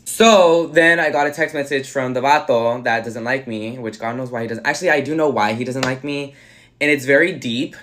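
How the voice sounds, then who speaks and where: Young male influencer, sassy and foul-mouthed, mid-pitched, casual vlog storytelling. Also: fast, fairly bright tone, a little hiss or hum. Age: young adult. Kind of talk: casual get-ready-with-me vlog.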